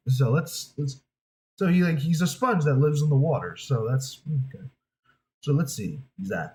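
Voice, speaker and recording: Rambling voice actor thinking aloud. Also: male voice, on the high side, big pitch swings, brisk, a little mellow, poor audio. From New York. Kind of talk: casual talk to camera.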